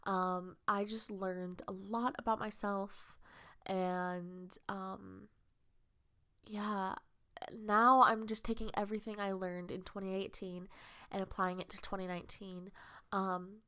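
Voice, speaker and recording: A woman's voice: medium pitch, steady tone, slow, sharp tone. Young woman, vlogger, casual podcast monologue, earnest, rambling, heartfelt.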